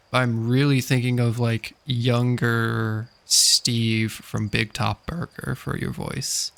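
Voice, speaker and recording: A man's voice: mid-range voice, a bit bright. A man streaming a video game, chatting casually with his viewers and laughing often. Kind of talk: casual live-stream chat while gaming.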